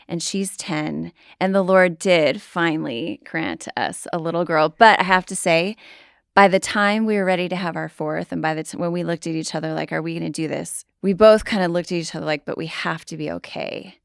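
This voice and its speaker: A woman's voice: lowish voice, normal speed, creaky, no room sound, studio quality. A middle-aged woman, a podcast guest, telling family stories in casual conversation and acting out quoted dialogue. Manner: animated storytelling, acts out quoted dialogue. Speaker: podcast guest, pastor's wife.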